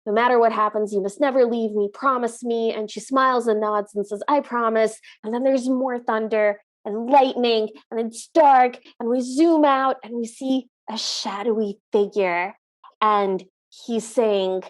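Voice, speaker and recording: A woman co-hosting a podcast, retelling a movie's plot in lively casual chat and acting out the lines. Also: fairly high pitch, measured pace. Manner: animated, laughing, recaps scenes and acts out the lines. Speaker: podcast co-host.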